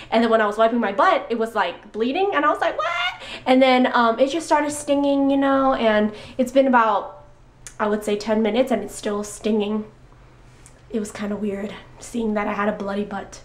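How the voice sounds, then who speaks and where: A young woman vlogging casually from her apartment bedroom into a handheld camera, chatty and rambling with frequent giggles. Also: fairly high pitch. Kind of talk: casual vlog chat.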